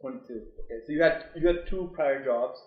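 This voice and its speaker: A man's voice: a little high, brisk, echoey room, narrow, tinny audio. A man from Canada co-hosting a casual podcast, upbeat and chatty, laughing easily with his guest. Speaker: podcast co-host.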